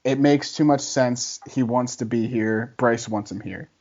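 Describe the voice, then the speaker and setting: A man in a casual podcast debate, talking loosely and laughing often as he builds his case. His voice sits at an ordinary middle pitch. The recording is dull and lo-fi, like a cheap home microphone. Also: steady tone, unhurried, a little mellow, a little hiss or hum. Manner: chatty, laughs often, argumentative.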